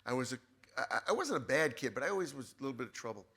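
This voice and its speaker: A guest author with a medium-pitched, husky voice tells a personal story in casual chat, talking very fast. He's animated and often restarts his sentences.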